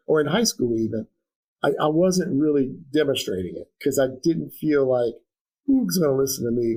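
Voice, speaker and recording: Interview guest, middle-aged man, earnest and reflective, mid pitch. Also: darkish tone, slightly rough, poor audio. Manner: earnest, reflective, many restarts and fillers. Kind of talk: conversational interview.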